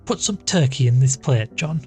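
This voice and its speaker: A woman's voice: a bass voice, lively intonation, moderate pace, darkish tone, faint music behind. A man reading aloud and voicing a hearty, mischievous young woman who teases and presses impatiently.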